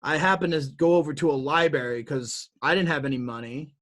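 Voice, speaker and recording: A man being interviewed as an entrepreneur, telling his story in an animated, motivational way that builds to emphatic peaks, with frequent repeated words and restarts. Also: a little high, brisk. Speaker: guest entrepreneur.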